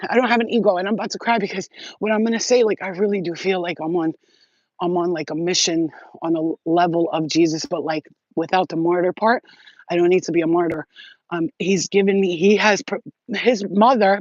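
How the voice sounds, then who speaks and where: A woman talking straight to her viewers in a rambling, excitable, profane monologue full of street slang. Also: medium pitch, dry recording, muffled recording. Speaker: spiritual vlogger.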